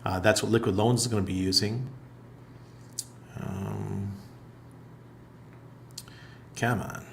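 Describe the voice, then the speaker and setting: A man's voice: fairly low pitch, fairly even intonation, slow pace, gravelly, background noise. A middle-aged man hosting a casual livestream, reading viewer comments aloud in a loose, chatty way and laughing often. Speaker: livestream host. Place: apartment in Panama.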